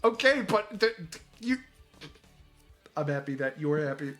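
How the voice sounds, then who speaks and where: A streamer reading an article aloud in casual chat, ranting in disbelief with sudden shouts and crude, mocking banter. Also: mid-range voice, big pitch swings, unhurried, faint music behind.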